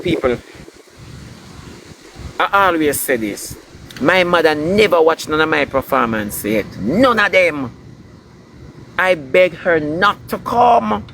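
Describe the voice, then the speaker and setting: An entertainer ranting online, a man with a Jamaican accent delivers preachy, scolding commentary, hammering his points home through repetition. His voice is a little high for a man and a bit bright, and the noisy recording clearly carries street sounds and passing vehicles behind him.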